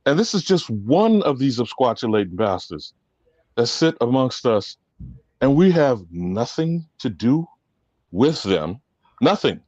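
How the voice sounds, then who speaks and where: A man's voice: medium pitch, very animated, a little slow, no room sound. Emphatic preachy man, muffled dry audio. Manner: preachy, emphatic, swings loud and soft. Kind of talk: impassioned commentary.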